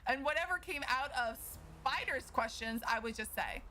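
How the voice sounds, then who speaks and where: A woman streamer talks to her chat out of character in a high, bright voice that leaps all over the place. She is animated and swears freely, and laughter breaks through her frustration. A faint hiss sits under her voice. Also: moderate pace, rough recording. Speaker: streamer playing a lawyer in roleplay.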